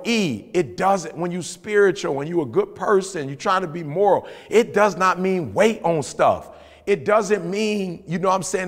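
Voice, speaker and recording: A man with a high, gravelly voice talks in a motivational, casual podcast style. He tells stories with animated emphasis, repeating phrases and pushing his pitch up on key points. The sound carries a long reverb from the room. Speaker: podcast co-host.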